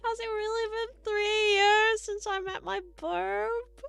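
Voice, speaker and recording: Young woman, streamer, slow-paced gushing chat, gravelly, giggly, swears, faint music behind. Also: very high voice, flat delivery, fairly bright tone, no room sound. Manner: giggly, effusive, swears freely. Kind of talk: casual live-stream chat reading viewer messages.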